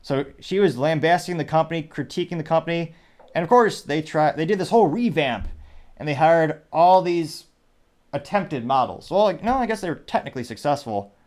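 A man's voice: fairly high pitch, lively intonation, moderate pace, a little mellow. A man hosting a podcast, delivering an opinionated commentary monologue in a sarcastic, dismissive tone that rambles with many restarts. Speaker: podcast host.

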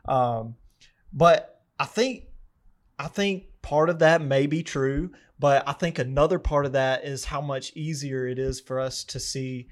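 Halting man co-hosting a faith podcast. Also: medium pitch. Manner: halting, lots of fillers and amens. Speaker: podcast co-host. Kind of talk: casual faith talk.

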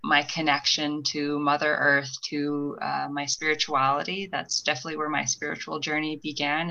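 A woman's voice: sits low, gravelly, bright, forceful tone, dull audio. A young woman talking reflectively on a podcast, meandering with many fillers. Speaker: guest. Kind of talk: casual podcast conversation.

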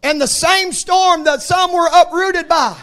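A man's voice: extremely high pitch, a little slow, sharp tone. A pastor in his fifties delivering a fervent, emphatic sermon, driving points home with repeated refrains. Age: 50s.

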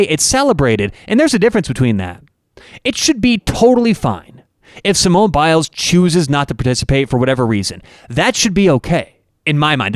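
A man's voice: fairly high pitch, no echo, studio quality. A man hosting a podcast, delivering an opinionated, emphatic monologue full of rhetorical questions. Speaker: podcast host and network owner.

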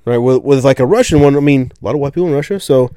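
A man's voice: mid-range voice, very fast, dark tone, smooth, dry recording. Casual male podcast host, rambling storyteller, dry recording. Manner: rambling storyteller, many fillers. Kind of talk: casual chat.

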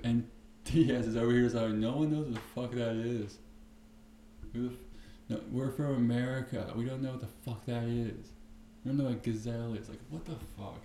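A man hosting a podcast, talking alone in a profane, rambling and animated way. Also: medium pitch, moderate pace. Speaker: podcast host. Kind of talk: casual solo podcast rant. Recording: echoey room with faint background noise.

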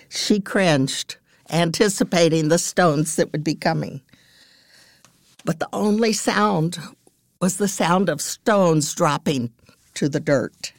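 A woman gives devotional Bible teaching in a slightly low, gravelly voice. She tells the stories earnestly and unhurriedly, and lets each line settle. The sound is close and dry. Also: dry recording. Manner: earnest, measured storytelling. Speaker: podcast host and Bible teacher.

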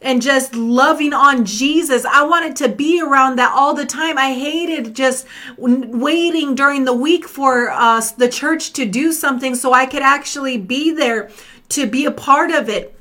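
A middle-aged woman tells her faith story in an earnest personal testimony. Her voice sits high and bright, and she circles back over phrases and restarts sentences as she speaks. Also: a little slow. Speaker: minister.

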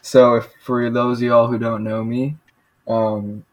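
A young man with an everyday mid-pitched voice, a guest on a casual podcast. He talks in a relaxed, slangy way and trips over his own sentences. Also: measured pace. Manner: laid-back slang, says dude and bro, many restarts. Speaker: podcast guest taking a quiz. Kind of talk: casual chat.

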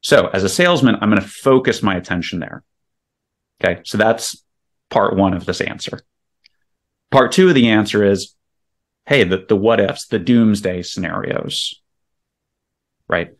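A real estate investor guesting on a podcast speaks in a lowish, unhurried voice with long pauses. He explains sales tactics emphatically, walking through scenarios step by step.

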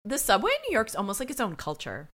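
A woman co-hosting a podcast in casual chat, her voice bright and forceful. Her pitch swings a lot as she tells stories and laughs. She swears freely and sounds animated. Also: fast talker. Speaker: podcast co-host. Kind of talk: casual chat recapping a TV episode.

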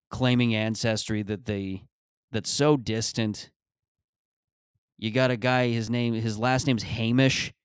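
Low-voiced man riffing in a comedy monologue. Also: smooth, no echo, clean studio sound. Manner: rambling, riffing, profane. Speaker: comedian podcast host.

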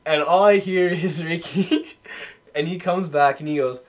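A man's voice: a little high, a little slow. Laughing young man telling a story. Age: young adult. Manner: animated storytelling, laughing and swearing. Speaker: podcast guest. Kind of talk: casual chat.

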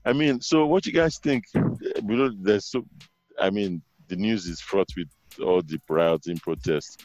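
A man hosting a casual podcast conversation, telling stories in an animated way with many asides. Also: low voice, a little slow, no echo. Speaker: podcast host.

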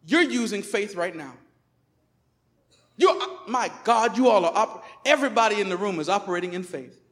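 A man preaching a sermon as pastor in a church, emphatic, swinging between loud declarations and quiet asides. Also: high-pitched, lively intonation, normal speed, long reverb tail. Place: church sanctuary.

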